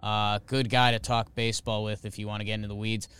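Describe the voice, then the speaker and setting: A man's voice: fairly low pitch, little pitch movement, fast talker, fairly bright tone, clean tone, no room sound. A man co-hosting a sports podcast, presenting a joking award in casual, playful chat. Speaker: podcast co-host.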